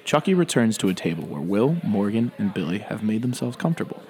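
Lively man co-hosting a podcast. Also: fairly low pitch, fast talker. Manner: laughs often, lively and playful. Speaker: podcast co-host. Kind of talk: casual chat and reading stage directions.

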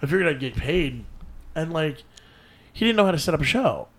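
Animated, profane Pennsylvania-raised comedian. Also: male voice, fairly high pitch, a little fast, a crowd in the background. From Eastern Pennsylvania. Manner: animated, profane storytelling with loud bursts. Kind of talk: casual podcast chat.

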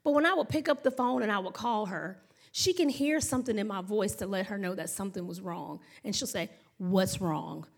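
A woman's voice: mid-range voice, brisk. A woman, preaching a sermon in a chatty storytelling way and talking to the congregation as y'all and honey. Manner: chatty, animated storytelling with laughs and acted-out noises. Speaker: pastor.

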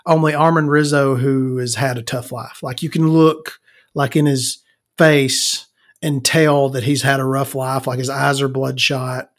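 A man's voice: medium pitch, little pitch movement, a little slow. A man hosting a podcast, telling crude stories in a rambling casual monologue and calling himself Victoria. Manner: frequent fillers and self-restarts. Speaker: podcast host.

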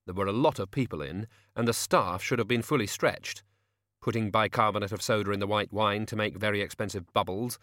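A man reading a fantasy novel aloud as narrator, in measured, even storytelling. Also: fairly low pitch, no echo, clean studio sound. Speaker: audiobook narrator. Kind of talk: scripted narration.

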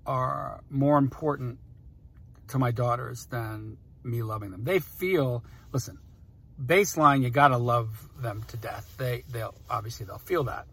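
Male host, 40s, husky; casual, emotional, rambling anecdotes. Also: medium pitch, measured pace. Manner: rambling, emotional, self-interrupting. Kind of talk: casual personal storytelling.

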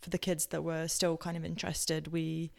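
A woman's voice: low-pitched, completely flat delivery, moderate pace, creaky, a little mellow. A woman from Southampton with a posh southern English accent, telling personal stories on her podcast in a rambling way, with many fillers and self-corrections. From Southampton, England. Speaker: podcast host. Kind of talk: casual personal storytelling.

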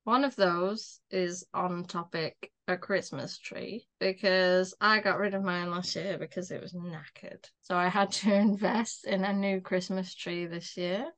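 A young woman co-hosts a podcast in easygoing chat. She tells her stories with lots of laughter mixed into her talk, in a mid-pitched voice. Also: unhurried, hardly any pauses. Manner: chatty storyteller, laughs often while talking. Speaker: podcast co-host. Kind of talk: casual chat.

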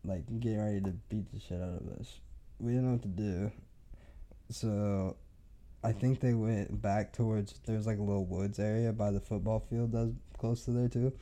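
Dark-voiced young man telling a rambling story. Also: on the low side, steady tone, normal speed. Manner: rambling, profane, laughing often. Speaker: podcast host. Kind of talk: casual storytelling.

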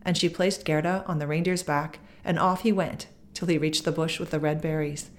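A woman narrating a fairy tale aloud in a measured, expressive reading. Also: low voice. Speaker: podcast guest reading aloud. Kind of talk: storybook narration.

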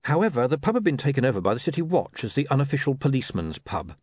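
A man's voice: medium pitch, sing-song, fast talker, a little mellow, slightly rough, no echo. A man reading a comic novel aloud as narrator, with wry, dry storytelling. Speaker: audiobook narrator. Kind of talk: scripted narration.

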